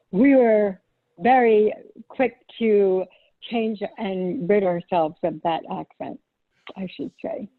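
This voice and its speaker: A woman's voice: mid-range voice, slow pace, long pauses, dry recording. A middle-aged woman from Long Island, a holistic chiropractor, answering interview questions casually with frequent ums and hesitations. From Long Island, New York. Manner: hesitant, many ums, light laughs. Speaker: podcast guest, holistic chiropractor. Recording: tinny phone-like line.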